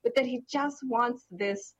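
A woman's voice: a little high, unhurried, rough recording. A middle-aged woman with a distinctive voice, telling a story in casual chat and laughing along. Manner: animated, laughs through her story. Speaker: co-host.

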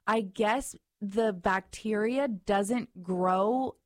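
A woman's voice: mid-range voice, very slow, dry recording, clean studio sound. A woman co-hosting a talk-radio show, chatting in an easygoing, casual way. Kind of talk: casual chat.

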